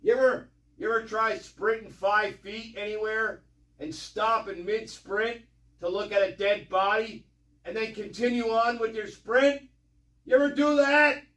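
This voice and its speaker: A man's voice: high-pitched, fairly even intonation, unhurried, a bit bright, roomy sound, far from the mic. A man giving mocking, sarcastic commentary, swearing and rambling with lots of repetition. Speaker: online commentator.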